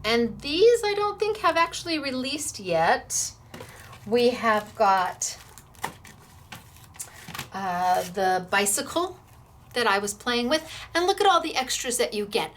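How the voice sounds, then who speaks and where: A woman's voice: on the high side, expressive, slow, pauses often, slight background noise. A middle-aged woman hosting a crafting tutorial, bubbly and encouraging as she gushes over her projects. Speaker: crafting show host.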